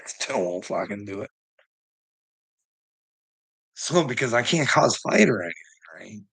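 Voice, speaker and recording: A middle-aged man ranting into his vlog, cursing nearly every sentence and breaking into bitter laughs. His low voice is gravelly and husky, with a bright, tense edge. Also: sing-song, unhurried. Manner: agitated, swears constantly, bitter laughs. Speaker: vlogger.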